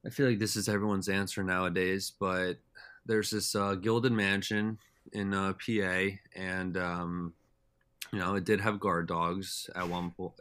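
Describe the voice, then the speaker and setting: A man's voice: deep voice, flat delivery, a little slow, fairly bright tone, no echo. A young man telling stories as a podcast guest in a loose, rambling way, full of "like" and "uh". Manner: rambling, heavy with "like" and "uh" fillers. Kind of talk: casual storytelling chat.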